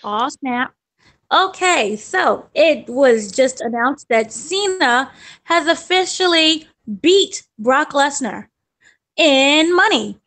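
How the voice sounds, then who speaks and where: A woman co-hosting a casual podcast, running through the week's news in a chatty, relaxed way. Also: high-pitched, slow pace. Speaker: co-host, news presenter.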